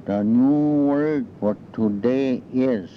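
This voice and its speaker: A man teaching a language lesson, saying each phrase twice in a slow, measured way. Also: mid-range voice, highs cut off, a little hiss or hum.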